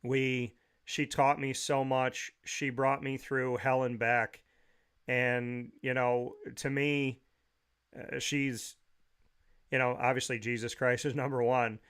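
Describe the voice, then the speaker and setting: A man's voice: mid-range voice, flat delivery, slow, a bit bright, clear, resonant tone. A man hosting a talk show, telling heartfelt family memories in a rambling way with frequent restarts.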